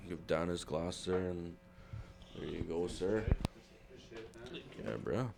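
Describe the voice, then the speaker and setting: A man's voice: deep voice, slow, gravelly. A man guesting on a podcast, telling stoner stories with lots of swearing in casual chat. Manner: animated, swearing stoner storytelling. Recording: noisy background.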